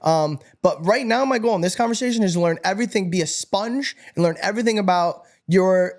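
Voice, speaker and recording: Young male guest, rapid-fire and pumped up, higher-pitched voice, casual storyteller from upstate New York. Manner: energetic, animated, swears and laughs often. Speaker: podcast guest.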